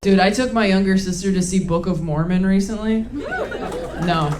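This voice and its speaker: A young woman performing a stand-up comedy set on a club stage, wry and deadpan with bursts of playful shouting. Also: mid-range voice, normal speed. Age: young adult. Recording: live comedy club with a laughing crowd and noise.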